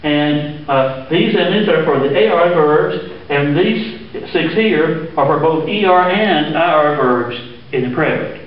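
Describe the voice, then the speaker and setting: A man's voice: on the high side, measured pace. A man teaching a Spanish grammar lesson, patiently walking through examples with frequent "uh" fillers. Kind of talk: classroom lesson explaining grammar. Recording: echoey room, distant mic, dull sound.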